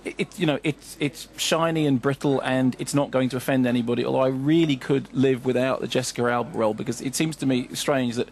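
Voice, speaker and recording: A man's voice: medium pitch, brisk, creaky, hardly any pauses, darkish tone. A man giving a wry, digressive radio film review as a film critic, full of asides.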